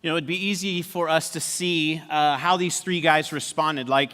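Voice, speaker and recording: Bright high-voiced man telling a story. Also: moderate pace, smooth. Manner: animated storyteller, acts out quoted family members, dry sarcasm. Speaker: pastor. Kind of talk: humorous personal story in a sermon. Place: church auditorium. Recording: long church hall reverb.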